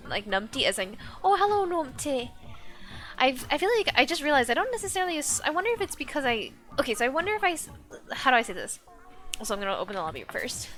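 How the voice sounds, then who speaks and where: A woman's voice: on the high side, pushed and bright. A young woman streaming live, chatting casually and rambling with lots of restarts.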